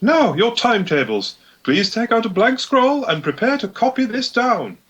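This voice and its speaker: A man's voice: big pitch swings, normal speed, a bit bright, breathy edge, heavily acted. A man putting on a prim lady schoolteacher. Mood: prim, brisk. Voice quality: high prim falsetto. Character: prim female schoolteacher, strict and orderly.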